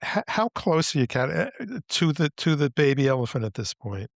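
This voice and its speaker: A woman's voice: deep voice, sing-song, moderate pace, vocal fry, no room sound, studio quality. A woman interviewing her guest with short, curious questions.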